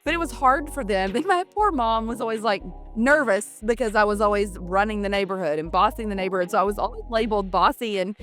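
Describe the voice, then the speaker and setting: A woman's voice: mid-range voice, fast talker, a bit bright, soft background music. A woman guest and parent in a casual interview, speaking in an earnest, reflective way and circling back to her points.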